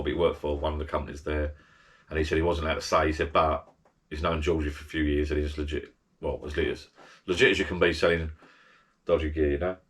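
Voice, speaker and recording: His voice sits low with a fairly bright tone. He's a travel vlogger offering holiday advice in a loose, talkative way, restarting sentences and wandering into asides.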